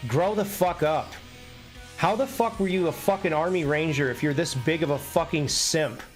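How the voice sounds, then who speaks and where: A man on a live stream, talking in a fairly high voice and ranting off the cuff. He is blunt and heated and swears in nearly every sentence, with faint music playing underneath. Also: expressive, a little fast. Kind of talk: unscripted live-stream rant.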